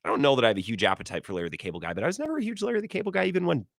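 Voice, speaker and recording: A man hosting a sports talk radio show, giving opinionated takes in a sarcastic, animated way. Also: mid-range voice, gravelly, no room sound, clean studio sound. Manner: animated, sarcastic, quick asides.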